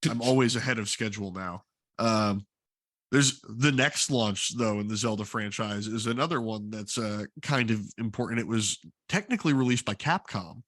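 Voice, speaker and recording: A man's voice: fairly low pitch, moderate pace, fairly bright tone, no echo, studio quality. A man co-hosting a casual gaming podcast, explaining game history with trivia. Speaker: podcast co-host.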